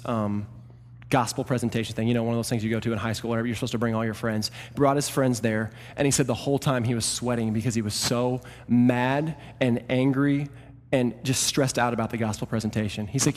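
A male pastor preaching a sermon, swinging between loud emphatic peaks and quieter asides. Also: medium pitch. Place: church hall. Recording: reverberant church hall.

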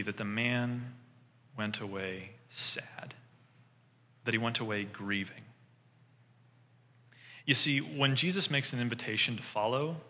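Bright-voiced man preaching in a reverberant hall. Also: mid-range voice. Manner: animated storytelling, voices quoted figures. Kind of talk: sermon.

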